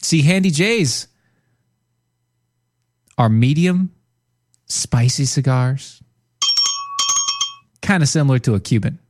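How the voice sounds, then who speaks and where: A man's voice: mid-range voice, animated, takes it slowly, long pauses. Teasing male podcast co-host, noisy background. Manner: teasing, salesy, playful. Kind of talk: casual podcast banter.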